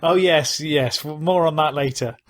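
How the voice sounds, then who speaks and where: A man's voice: on the high side, measured pace, no echo. A man hosting a casual podcast, quizzing and teasing his co-hosts and laughing a lot. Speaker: podcast host. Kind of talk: casual chat.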